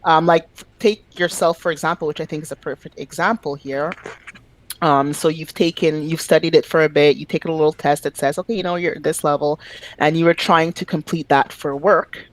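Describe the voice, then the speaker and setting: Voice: medium pitch, fairly even intonation, a little fast, poor audio. A podcast guest speaking casually and emphatically, full of fillers, about their own language business. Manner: opinionated, emphatic, frequent fillers.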